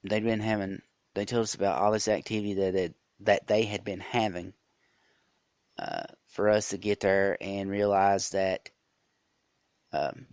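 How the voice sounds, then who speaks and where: A man's voice: lowish voice, fairly even intonation, measured pace, a little mellow, clean tone, no echo. A man hosting a podcast, telling a rambling story with many fillers and restarts. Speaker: podcast host. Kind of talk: casual storytelling monologue.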